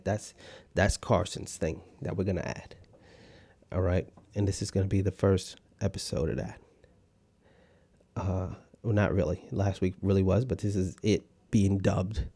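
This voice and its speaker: A man's voice: deep voice, mellow, no room sound. A man hosting a podcast, swearing a lot and sarcastically mocking a video clip. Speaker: podcast host. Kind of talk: profane comedic commentary.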